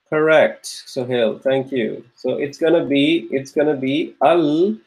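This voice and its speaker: On poor audio, a man leads a live online grammar lesson at a measured pace with hardly any pauses, his voice mid-range. He patiently repeats his questions in an encouraging drill style and praises each student by name when they respond.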